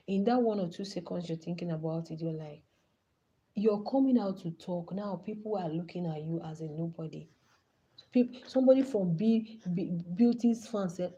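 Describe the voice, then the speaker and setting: Nigerian lady ranting on her live stream, worked up and begging, dark mellow tone. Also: on the low side, moderate pace, breathy edge, low-quality recording. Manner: impassioned, pleading.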